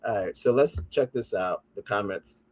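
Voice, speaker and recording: A man's voice: fairly low pitch, normal speed, a little mellow. A man hosting a podcast, riffing in a casual, profane way and reading comments aloud. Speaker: podcast host.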